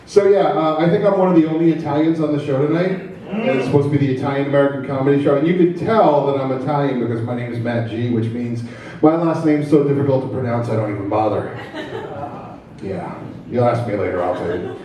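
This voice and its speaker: A man performs stand-up in a comedy club, talking into a handheld mic with a mellow, low-key tone. He is chatty and self-deprecating and teases the crowd as he goes. The sound is very echoey and comes from some distance away. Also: fairly quick. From New Jersey.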